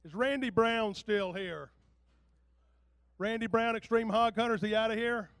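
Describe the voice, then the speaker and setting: A man's voice: high voice, unhurried, a bit bright, no echo. A man working as emcee at an awards ceremony, calling out names in a plain, conversational way. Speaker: event emcee.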